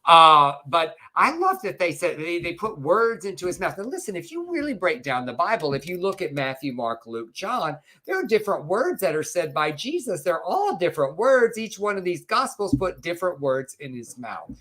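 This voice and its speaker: A man's voice: high-pitched, big pitch swings, moderate pace, few pauses, bright, forceful tone. A man co-hosting a live news chat show, telling stories in a gossipy, playful way. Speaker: co-host.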